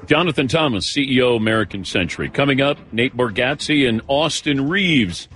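A man's voice: mid-range voice, expressive, normal speed, a bit bright. A man hosting a radio show, joking casually with a guest and announcing what comes up next.

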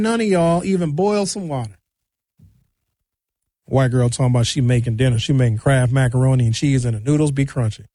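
A man's voice: mid-range voice, a little fast, mellow, no echo, studio quality. Emphatic, sarcastic male ranter. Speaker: commentator. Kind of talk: ranting monologue.

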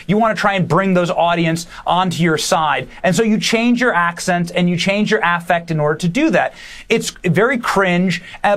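A man appearing as a guest commentator, talking emphatically and rapidly in a preachy tone. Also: high-pitched. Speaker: guest podcaster. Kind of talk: political commentary.

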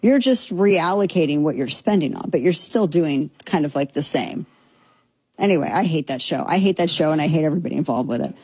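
A woman's voice: low voice, lively intonation, a little fast, warm tone, husky, no room sound. A woman hosting a commentary show, talking in an opinionated, sarcastic way and slipping into mocking impressions.

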